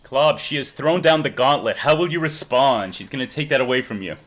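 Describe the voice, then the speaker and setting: A man's voice: medium pitch, brisk, fairly bright tone. A man hosting a live stream in casual chat, joking and reading out the chat. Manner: jokey, reads chat aloud, laughs often.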